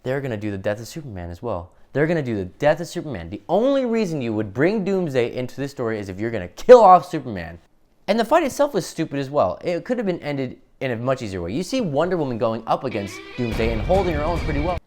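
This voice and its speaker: Animated, profane man ranting about a film. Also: mid-range voice, faint music behind. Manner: profane, acts out characters in quick impressions; exasperated ranting. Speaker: film reviewer. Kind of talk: casual spoilery film review.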